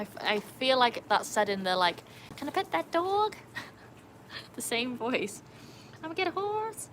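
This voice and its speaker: A young woman hosting a casual live stream by a pool at night. She chats, laughs often and calls to her dogs in a high sing-song voice. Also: background noise. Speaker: livestream host. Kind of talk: casual live-stream chat reading comments.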